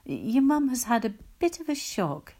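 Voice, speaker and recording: A woman voicing a gentle, proper neighbour lady with a soft, honeyed, soothing way of talking. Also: fairly high pitch, very animated, unhurried, voice pushed up, full character voice.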